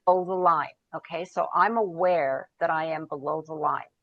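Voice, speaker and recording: Woman guest, coach type, lowish pitch, dry close mic, chatty storyteller. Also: fairly even intonation, normal speed, no room sound, muffled recording. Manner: storytelling, searches for words, quotes herself and others. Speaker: podcast guest, founder and coach. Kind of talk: conversational interview.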